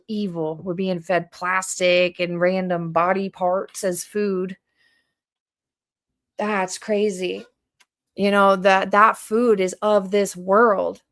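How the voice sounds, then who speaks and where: Fervent woman preaching on a livestream. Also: medium pitch. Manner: fervent, preachy, asks pointed questions. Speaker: livestream host and community food organizer. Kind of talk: impassioned livestream monologue.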